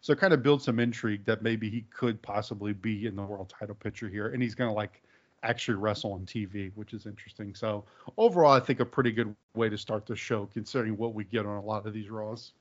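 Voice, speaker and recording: A man's voice: fairly low pitch, quick pace. Man, podcast host, casual rambling chat, many fillers, muffled lo-fi sound. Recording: dull lo-fi podcast audio.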